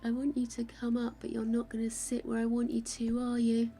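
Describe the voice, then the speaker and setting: An older woman talks casually to her stream audience while she builds in a game. Her voice is croaky and gravelly from a sore throat, though it sits a little high. She gushes thanks to viewers and pokes fun at herself, with soft music in the background. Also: completely flat delivery, a little fast, few pauses. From England. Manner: chatty and self-mocking, gushing thanks to viewers.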